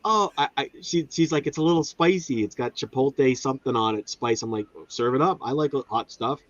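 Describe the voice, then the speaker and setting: Guy telling food stories all animated, kinda muffled dry sound. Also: mid-range voice, a little fast, no room sound. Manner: animated storytelling, acts out voices. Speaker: guest. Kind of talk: casual chat.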